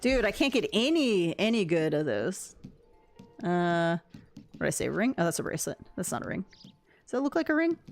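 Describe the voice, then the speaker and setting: A chatty woman streamer talks through her gameplay, rambling from one thought to the next. Her pitch swings around animatedly as she talks to her chat, and she laughs easily. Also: sing-song, moderate pace, soft background music.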